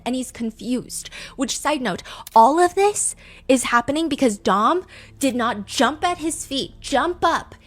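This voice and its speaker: A woman's voice: a little high, a bit bright. A young woman hosting a true crime show, narrating the case casually with emphatic asides and lots of fillers. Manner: chatty, emphatic, many asides.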